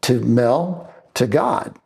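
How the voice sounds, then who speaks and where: An older man, a screenwriter and director, telling long animated anecdotes in an interview and acting out the voices of the people he quotes. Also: mid-range voice, drawn-out words, gravelly. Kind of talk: storytelling interview.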